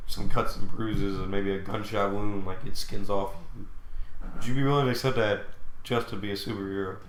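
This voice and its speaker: A man's voice: fairly low pitch, slight background noise. A man co-hosting a casual podcast chat, rambling with many fillers as he poses questions to the others. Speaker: podcast co-host. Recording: echoey room.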